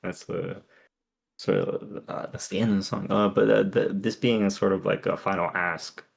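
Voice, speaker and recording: A man co-hosting a podcast, talking through song lyrics in a halting, filler-heavy way. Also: sits low, steady tone, creaky, slightly rough. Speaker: podcast co-host. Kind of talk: casual chat, reading lyrics and chat comments.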